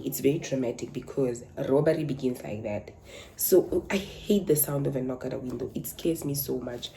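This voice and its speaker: Young woman, low mellow voice with a very lively pitch, for a dramatic casual storytime. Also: vocal fry, slight background noise, poor audio. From Namibia. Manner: animated, dramatic retelling. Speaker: content creator.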